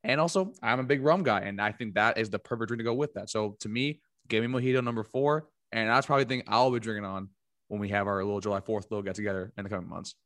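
A man's voice: on the low side, fast talker, a bit bright, no room sound, clean studio sound. A man co-hosting a podcast in a laid-back, rambling casual chat, with restarts and fillers. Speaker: podcast co-host.

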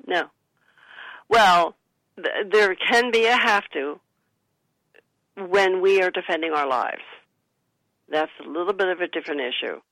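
A woman guest on a radio talk show, speaking in an earnest, gentle and instructive way as she gives spiritual advice. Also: fairly low pitch, measured pace, long pauses, no room sound, poor audio. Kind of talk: radio interview, advice-giving.

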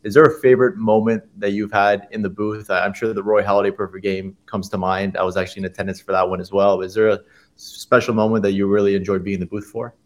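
Low, flat-voiced podcast host. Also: male voice, fast. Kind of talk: casual interview questions.

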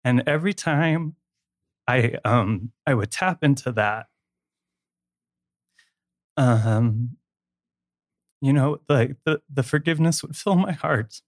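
A man's voice: mid-range voice, slow, pauses often, dry recording, clean studio sound. A man speaking candidly and emotionally as a guest in a personal conversation, laughing easily.

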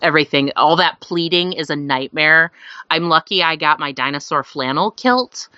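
Woman, low voice, bright tone, rambling and laughing, dull lo-fi recording. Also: moderate pace, no echo. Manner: laughing often, rambling with fillers. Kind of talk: casual storytelling.

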